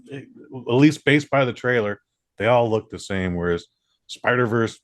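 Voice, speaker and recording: Regular-voiced dude, blunt podcast banter, dry close mic. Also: male voice, mid-range voice, animated, normal speed, no echo. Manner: blunt, casual, swears for emphasis. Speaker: podcast co-host. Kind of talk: casual chat.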